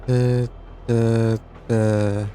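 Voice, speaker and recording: A man with a medium-pitched, warm but flat voice narrates as game master of an online tabletop game, with slight background noise. His delivery is halting and self-deprecating, and he stumbles and restarts as he describes things.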